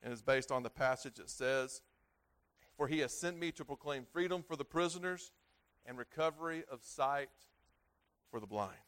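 A middle-aged man preaching a sermon as pastor, halting and repeating words, rising loud for emphasis and dropping low at phrase ends.

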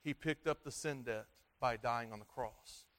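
A man preaching a sermon, repeating himself and restarting phrases, swinging between loud stresses and quiet, low endings. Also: measured pace. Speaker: pastor.

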